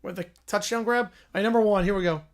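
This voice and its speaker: A man's voice: sits high, steady tone, fast. A man hosting a livestream, reacting aloud in casual chat and thanking viewers. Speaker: livestream host.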